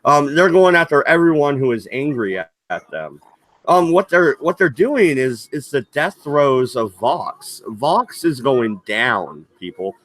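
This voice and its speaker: A man co-hosting a casual livestream at a slow, unhurried pace, with a mid-pitched voice. He reads out the chat and comments on it, pausing often on hesitant ums. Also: sing-song, a bit bright, no echo. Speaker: co-host reading chat.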